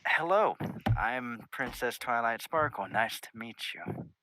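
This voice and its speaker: A man's voice: mid-range voice, expressive, slow, sharp tone, a little hiss or hum, voice pushed up, rough recording. A man voicing a tired, scholarly female pony princess who is flustered and hesitant, full of ums.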